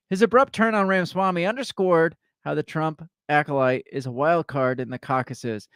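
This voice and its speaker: Podcast co-host, man, slightly high voice, animated political chatter. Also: moderate pace, clean tone, no room sound, clean studio sound. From Midwest US. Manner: animated, reads news articles aloud. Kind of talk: casual political chat.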